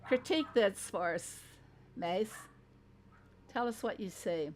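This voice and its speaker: A woman speaks with a Southern American twang in an easygoing, mid-pitched voice. She hosts a casual reaction commentary, chatting with her viewers. She often breaks into laughter and teases herself. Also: animated, takes it slowly, darkish tone, a little hiss or hum. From Southern United States. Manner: chatty, laughs often, self-deprecating asides. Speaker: host.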